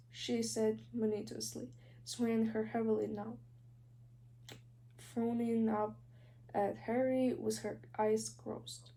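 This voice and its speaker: A woman's voice: a little high, steady tone, a little slow, warm tone. Young Ukrainian-accented woman reading aloud. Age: young adult. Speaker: student reader. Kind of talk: audiobook reading.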